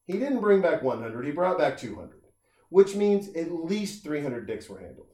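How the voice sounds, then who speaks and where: Middle-aged guy ranting and joking, swears a lot, fairly high voice, does voices for people he quotes, sounds like an echoey room. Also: normal speed. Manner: animated, profane, acts out quoted people in jumping voices. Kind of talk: casual comedic chat. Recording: roomy echo.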